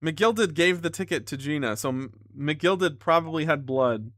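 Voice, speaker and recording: A man's voice: a little high, unhurried, fairly bright tone, no echo, studio quality. A man streaming a video game, reading its dialogue aloud and joking around, catching his own slips as he goes. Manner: jokey, reads lines aloud, self-correcting. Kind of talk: casual gaming commentary, reading dialogue aloud.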